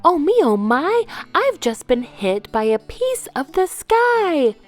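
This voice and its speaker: A woman voicing a boastful male fox from a children's storybook, who yelps in a high voice when he panics. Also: measured pace, darkish tone, soft background music, lightly acted. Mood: panicked.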